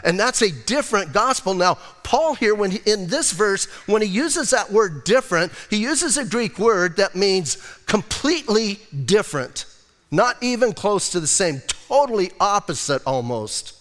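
Older male pastor, conversational sermon, high voice, long hall reverb. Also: very animated, moderate pace, a bit bright. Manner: conversational preaching, rhetorical asides.

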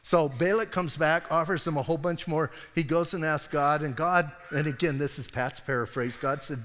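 A male pastor preaching a sermon as casual, animated storytelling full of slang and asides. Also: a little high, normal speed, hardly any pauses, in a large hall.

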